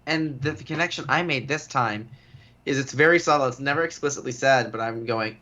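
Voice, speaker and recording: A man co-hosting a comedy podcast, talking in casual chat, animated and laughing as he acts out lines from scenes. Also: medium pitch, brisk, dull audio. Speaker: podcast co-host; actor.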